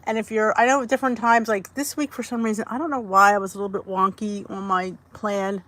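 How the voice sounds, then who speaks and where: A woman's voice: medium pitch, fairly even intonation, fast, fairly bright tone, dry recording. A woman hosting a casual livestream from her phone indoors, chatting and greeting viewers by name. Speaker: livestream host.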